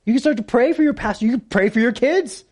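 A man preaching a sermon to a congregation with kids present, animated and playful, swinging from hushed lows to loud peaks. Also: fast talker. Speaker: pastor.

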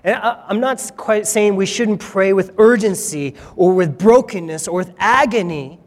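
A man with a high voice preaches to his congregation, retelling a story in an easy, conversational way with self-deprecating asides. His voice rings out into a reverberant hall. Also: normal speed. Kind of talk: sermon.

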